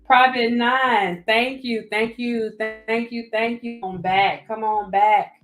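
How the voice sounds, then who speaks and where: Speaking slowly in a steady, somewhat high voice, this Southern US livestream host works through viewer comments and keeps thanking each person by name. Faint music plays in a roomy, echoing space.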